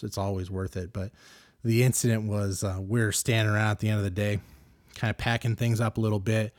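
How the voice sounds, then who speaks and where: A middle-aged man hosting a podcast, telling a story casually and getting animated and louder as he gets worked up. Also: on the low side, dry recording, studio quality. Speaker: podcast host.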